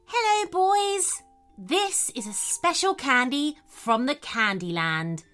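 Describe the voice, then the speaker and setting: A woman's voice: fairly high pitch, huge pitch swings, a little slow, pushed and bright, soft background music, heavily acted. A woman voicing a sweet, welcoming little girl wizard made of candy magic in a children's storybook.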